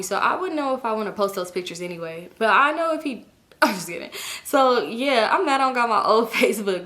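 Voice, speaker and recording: A young woman casually telling a personal story to her viewers, animated, swearing freely and acting out what other people said. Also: mid-range voice. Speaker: storytime vlogger.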